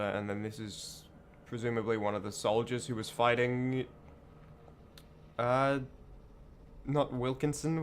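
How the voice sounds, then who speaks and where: A man's voice: mid-range voice, a little hiss or hum. A man with a groggy morning voice streaming a game, rambling and joking as he plays. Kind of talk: casual gameplay commentary. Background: game music.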